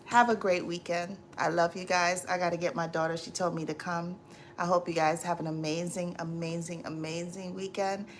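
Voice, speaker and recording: Chatting live with viewers, this woman host turns preachy and exasperated, repeating her advice over and over. She speaks with a lowish voice, and slight background noise is present.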